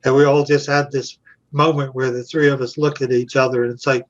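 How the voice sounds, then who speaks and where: Older man, guest storyteller, animated, chuckling, mid pitch, muffled recording. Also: fairly quick. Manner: animated, chuckling raconteur who acts out quotes. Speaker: guest actor and puppeteer. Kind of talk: anecdotal storytelling in an interview.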